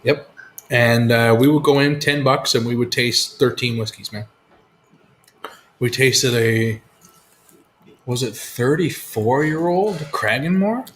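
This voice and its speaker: A man's voice: medium pitch, slow pace, long pauses, fairly bright tone, a little hiss or hum. A man hosting a casual live whisky chat, laid-back and swearing freely as he tells stories. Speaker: whisky show host.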